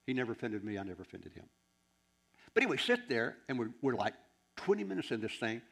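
A man in his sixties, a preacher, telling anecdotes in an animated, rambling way with many restarts. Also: medium pitch, quick pace, gravelly, breathy edge. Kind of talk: anecdotal sermon storytelling.

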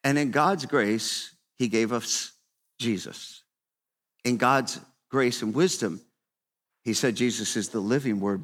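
A man in his fifties preaching a sermon to a room, conversational and repetitive, swinging between quiet asides and emphatic, raised exhortation. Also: mid-range voice, unhurried. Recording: long reverb of a large hall.

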